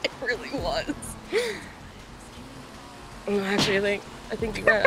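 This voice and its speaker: A woman's voice: medium pitch, unhurried, heavy background noise. A woman racing with friends in a game, squealing, laughing and joking crudely. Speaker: co-player. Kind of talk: casual gaming banter.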